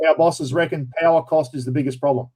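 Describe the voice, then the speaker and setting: A middle-aged man with a broad Australian accent, hosting a relaxed, rambling chat. His voice sits a bit on the high side for a man. He keeps dropping in blokey slang as he talks. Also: quick pace, rough recording. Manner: blokey, rambling, says "mate" and "bloody" often. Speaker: livestream host. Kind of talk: casual chat.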